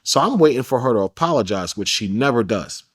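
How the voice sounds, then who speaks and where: A man's voice: medium pitch, lively intonation, a little fast, breathy edge. A man as an interview guest, telling a personal story candidly in a casual, slangy and blunt way.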